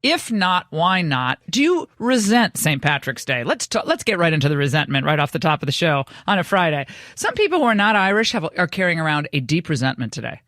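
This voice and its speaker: A woman hosting a talk show, brisk, teasing and opinionated as she chats with callers and guests. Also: low-pitched, very animated, a bit bright, dry recording, studio quality. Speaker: talk radio host. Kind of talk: opinionated talk radio monologue and chat.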